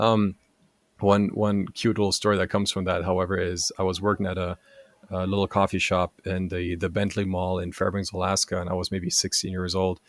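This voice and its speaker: A low-voiced man in his forties from Germany, a native German speaker, tells stories as a podcast guest. He talks in a lively way and keeps checking in with "right?". His voice is recorded close and dry. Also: brisk, no room sound. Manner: lively, tags sentences with "right?". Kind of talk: casual storytelling chat.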